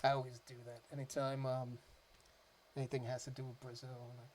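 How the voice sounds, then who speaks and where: A man's voice: medium pitch, flat delivery, brisk, a little hiss or hum. A man giving casual, rambling reaction commentary as a music reaction host, his talk loose and full of "like" fillers.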